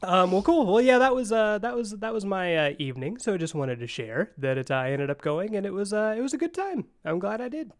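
A man co-hosting a casual podcast chat, easygoing and quick to laugh as he tells a story. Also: high-pitched, animated. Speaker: podcast co-host.

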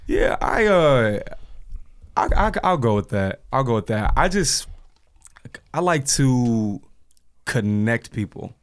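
A man in his thirties, a podcast guest, chatting casually in a laid-back, halting way with lots of fillers and restarts. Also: mid-range voice, sing-song, clean tone. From Indianapolis area. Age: 30s. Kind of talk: casual chat.

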